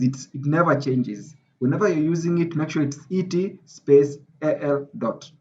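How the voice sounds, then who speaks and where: A man's voice: medium pitch, darkish tone, a little hiss or hum. A man teaching an online class, emphatic and repeating his points for stress, heard over a video call. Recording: slightly dull video call audio.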